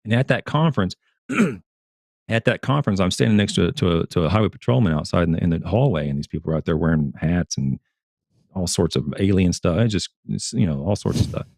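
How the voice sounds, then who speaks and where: A man who is a turf scientist, talking as a guest on a casual livestream, earnest and animated, often repeating and restarting his words. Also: low-pitched, a little fast, vocal fry, no room sound, clean studio sound. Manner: animated storyteller.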